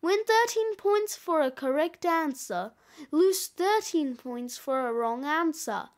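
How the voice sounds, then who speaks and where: A woman's voice: high voice, animated, slow pace. A woman reading the part of a quiz-show host robot in a formal announcer manner. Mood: announcing.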